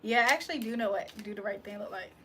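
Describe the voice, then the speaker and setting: A woman's voice: medium pitch, rapid-fire, bright, forceful tone, slight background noise. A young woman hosting a casual livestream, chatting loosely with her viewers, joking and laughing often. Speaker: livestream host reading chat.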